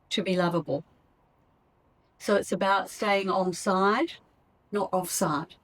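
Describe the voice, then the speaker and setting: A woman's voice: mid-range voice, low-quality recording. A middle-aged woman hosts a solo podcast on coaching couples. She talks in a loose, conversational way and often acts out short sample lines one partner might say to the other.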